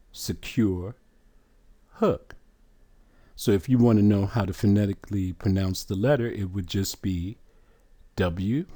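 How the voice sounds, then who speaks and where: A man teaching a lesson from a letter chart, asking questions and repeating each sound slowly. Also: on the low side, mellow, no echo, clean studio sound.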